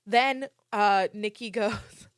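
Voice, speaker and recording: Young woman, podcast host, storytime chat, animated, swears a lot, acts out quotes, dry close sound. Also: medium pitch, takes it slowly, clear, resonant tone, dry recording.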